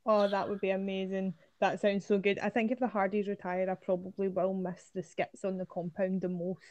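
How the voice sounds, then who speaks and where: Mellow woman on a dull lo-fi line. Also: medium pitch, level tone, fairly quick, no room sound. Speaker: podcast co-host. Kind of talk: casual chat. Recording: dull lo-fi sound.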